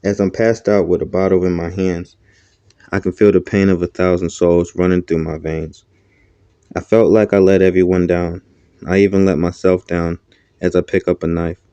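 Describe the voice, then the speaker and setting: Male audiobook narrator; somber, dark, dry voice. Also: low-pitched, little pitch movement, normal speed, clean tone, no echo, lo-fi sound. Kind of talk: first-person audiobook narration.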